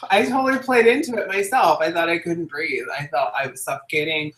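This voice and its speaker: A young adult woman co-hosting a casual chat show, telling stories in an animated way and laughing often. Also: on the low side, brisk. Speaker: co-host. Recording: echoey room.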